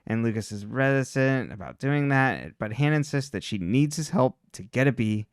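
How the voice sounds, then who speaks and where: Smooth-voiced man in casual podcast chat. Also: mid-range voice, animated, moderate pace, no echo, studio quality. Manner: loose and chatty, full of "like" and "um" fillers. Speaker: podcast co-host recapping episodes.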